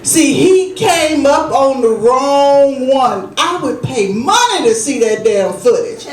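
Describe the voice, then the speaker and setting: A woman performs stand-up, her high voice rising as she acts out her relatives in an animated way. The recording catches her from a distance in an echoey room. Faint music sits underneath. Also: slow pace. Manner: animated, acts out family voices, Southern Black vernacular. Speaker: stand-up comedian. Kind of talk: stand-up comedy storytelling. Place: small comedy club stage.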